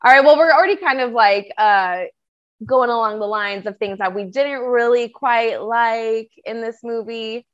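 A woman with an upbeat, easygoing delivery leads a relaxed film chat. Her voice comes through a slightly muffled recording. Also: fairly high pitch, moderate pace, smooth. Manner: upbeat, laughs easily, leads the segments. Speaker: podcast co-host. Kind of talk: casual movie discussion.

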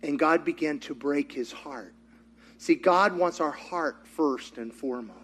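A man's voice: on the high side, a little slow, a bit bright, breathy edge. A man preaching as a pastor, telling a story and then leading a fervent prayer. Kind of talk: sermon and prayer.

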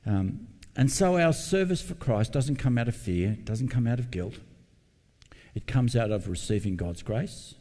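A man's voice: mid-range voice, lively intonation, moderate pace, warm tone, big-room sound. A middle-aged man preaching a sermon as pastor, earnest and personal, repeating his key points for emphasis. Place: church building.

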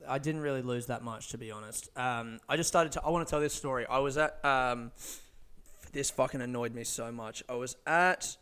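A man's voice: medium pitch, normal speed, fairly bright tone, clean tone. A man, a stand-up comedian swearing freely and rambling through stories in a casual podcast monologue.

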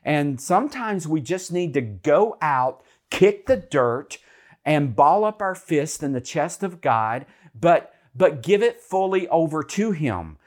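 A man's voice: fairly high pitch, animated, slow pace. A man co-hosting a Christian talk show, speaking in an earnest, encouraging, preacherly way. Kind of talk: faith talk show chat.

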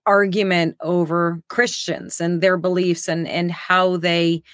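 A woman hosting a casual political chat, talking haltingly with many pauses. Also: fairly low pitch, level tone, fairly bright tone, no room sound, studio quality. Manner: halting, lots of fillers and restarts.

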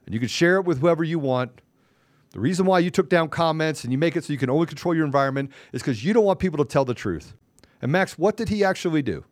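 A man's voice: on the high side, expressive, quick pace, dry recording, clean studio sound. A man hosting a podcast, delivering a heated, confrontational rant with mild cursing and repeated phrases for emphasis. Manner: combative, confrontational, taunting. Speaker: podcast host.

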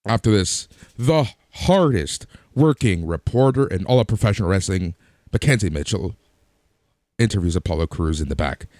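Guy with a kinda low voice running through a recap, chill, dry sound. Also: a little mellow, no room sound. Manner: recaps events then gives offhand opinions, some fillers. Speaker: wrestling show reviewer. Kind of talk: casual recap commentary.

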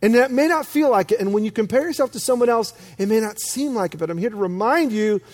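A man preaching a sermon as pastor, telling stories with self-deprecating humor and lively emphasis. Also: sits high, fast talker.

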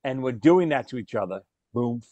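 A podcast host tells stories in a casual chat, animated and laughing as he acts out the lines he quotes. His mid-range voice moves at a normal speed, and the recording is dry with dull audio.

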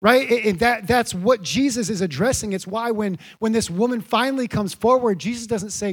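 A man's voice: sits high, normal speed, few pauses, breathy edge. A man preaching a sermon as pastor, repeating key phrases and building each point to an emphatic peak. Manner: earnest, building to emphatic peaks.

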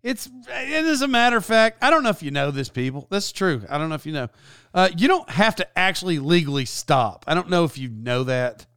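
A man with a high, smooth voice rambles through a casual vlog story, stopping for side notes and restarts. He sounds close to the mic in a dry room with no echo. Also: lively intonation, a little fast, fairly bright tone. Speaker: YouTuber.

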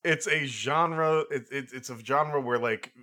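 A man chatting casually about a movie, halting and restarting often with lots of fillers. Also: medium pitch, pushed and bright. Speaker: podcast co-host. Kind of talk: casual film review chat.

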